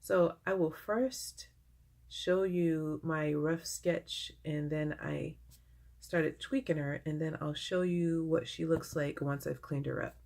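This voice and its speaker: Low-voiced gushing woman vlogger. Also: steady tone, slow pace, vocal fry, a little mellow. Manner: gushing, emotional. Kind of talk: casual vlog update.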